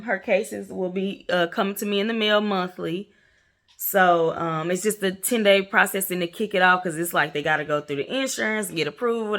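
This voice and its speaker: A woman's voice: fairly low pitch, fairly bright tone. A young woman talking candidly to her viewers in a casual vlog, rambling and close to tears, often calling them "y'all". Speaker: vlogger.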